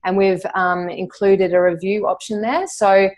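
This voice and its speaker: A woman's voice: medium pitch, steady tone, a little slow, darkish tone. A woman with an Australian accent, a company founder chatting as a podcast guest in a friendly, laughing way. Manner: chatty, laughing, acts out quoted voices. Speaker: guest, founder of a nurse placement service. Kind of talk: casual interview chat.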